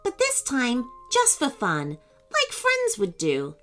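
A woman voicing a cheerful young knight in a children's story, with a bright, eager delivery. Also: high voice, wildly swooping pitch, slow pace, faint music behind, voice pushed up, full character voice.

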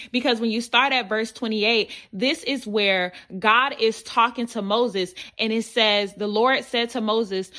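A woman's voice: a little high, sharp tone. A woman, hosting a Christian podcast and preaching a devotional sermon in a repetitive, direct cadence.

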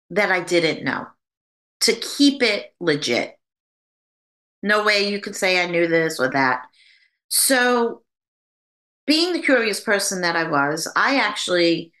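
Woman medium telling her story, bright voice, pitch jumps all over, acts out the quotes. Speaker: psychic medium. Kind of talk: storytelling in an interview.

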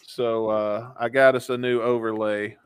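Joking man, smooth clear voice. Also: mid-range voice, level tone, measured pace, no room sound. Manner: joking, laughing often. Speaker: podcast host. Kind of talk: casual podcast chat.

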